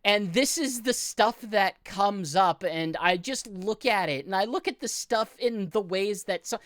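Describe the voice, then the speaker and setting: A woman's voice: medium pitch, measured pace, dry recording, clean studio sound. A woman co-hosting a gaming podcast in casual chat, blunt and heated, swearing and talking over the others. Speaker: podcast co-host, games writer.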